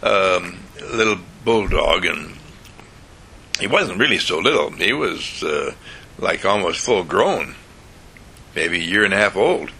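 Slow lively storyteller, man, gravelly and husky, bedtime tale. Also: low-pitched, slight background noise. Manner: slow, animated, chuckling storytelling.

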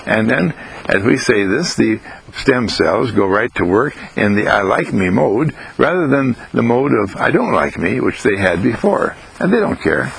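A man giving an inspirational self-help monologue, gentle and sing-song, repeating phrases with rising pitch. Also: very animated, measured pace, gravelly, breathy edge, rough recording.

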